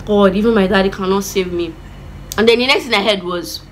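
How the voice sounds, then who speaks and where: A young woman with a Nigerian accent telling a dramatic storytime vlog, animated and expressive, slipping in pidgin words. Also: medium pitch, brisk, slight background noise. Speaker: vlogger.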